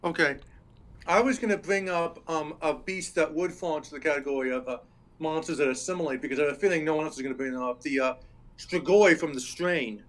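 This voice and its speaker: A man's voice: a little high, fast talker. A man joining a casual panel discussion over voice chat, talking in an eager, loose way. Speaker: panel guest.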